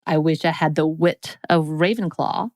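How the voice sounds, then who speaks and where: A woman's voice: sits low, moderate pace, a little mellow, no echo, studio quality. A woman co-hosting a podcast, reading quiz questions aloud in a playful, casual chat. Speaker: podcast co-host.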